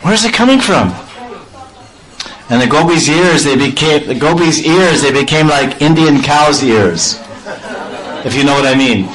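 A man giving a devotional storytelling sermon, playful and animated, acting out sounds and laughing often. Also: mid-range voice, moderate pace, some chatter behind, poor audio. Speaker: spiritual storyteller.

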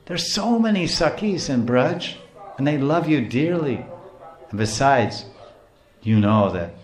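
A man's voice: mid-range voice, animated, takes it slowly, pitched above the performer's own voice. A man voicing a divine young woman disguised as a cowherd boy, coaxing and playful in a retold sacred story, in a roomy space. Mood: teasing.

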